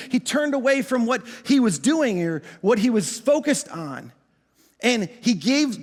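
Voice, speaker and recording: A high-pitched male pastor preaching in a big church auditorium, his words trailing off into a long echo. He leans hard on his key phrases and repeats himself for emphasis, stretching certain words out slowly. His lines reach the room through a stage microphone. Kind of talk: sermon.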